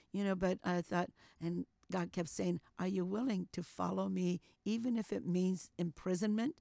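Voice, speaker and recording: An older woman telling a personal story as an interview guest, animated, acting out what people said and sprinkling in "you know.". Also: on the low side, moderate pace, gravelly, hardly any pauses, dry recording, clean studio sound. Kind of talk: storytelling testimony.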